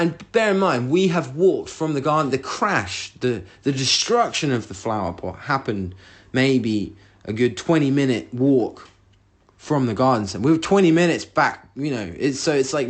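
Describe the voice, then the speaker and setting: A man hosting a solo podcast, telling a rambling story with lots of swearing and acted-out outbursts of his own. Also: lowish voice. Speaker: podcast host.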